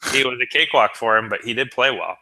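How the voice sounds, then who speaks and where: A man's voice: mid-range voice, fast, bright, forceful tone, poor audio. A man co-hosting a sports talk show, earnest and stammering as he builds long arguments. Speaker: podcast co-host.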